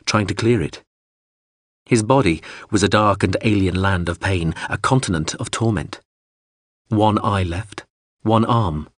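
A man narrating a science fiction audiobook in a measured, expressive storytelling way. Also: on the low side, no echo, studio quality. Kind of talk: scripted narration.

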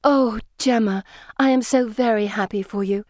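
A woman's voice: a little high, moderate pace, darkish tone, dry recording, studio quality, lightly acted. A woman reading an audiobook and voicing an effusive, wistful teenage girl in a breathless, lifted voice. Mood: gushing. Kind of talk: audiobook character voice.

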